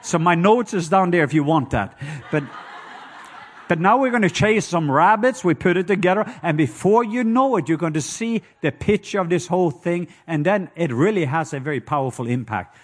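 Man, Norwegian accent, middle-aged, fairly high voice, lively sermon storytelling, call-and-response with the crowd, acts out sounds. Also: moderate pace. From Norway. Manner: acts out sounds with loud hoots and croaks. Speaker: preacher.

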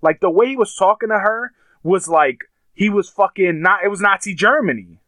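A man with a fairly high voice tells a heated story in casual conversation. He swears a lot and mimics what other people said. The sound is dry and close. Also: normal speed, pushed and bright, no room sound. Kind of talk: casual podcast chat.

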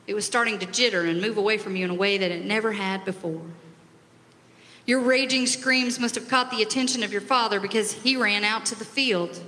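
A woman retelling a parable in the second person, with expressive, dramatic storytelling. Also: medium pitch, brisk. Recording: long hall reverb.

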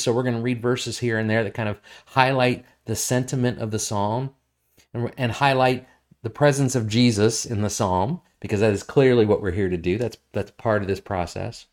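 A man preaching a sermon as pastor, earnest, repeating words for emphasis and reading scripture aloud with rising intensity. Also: mid-range voice.

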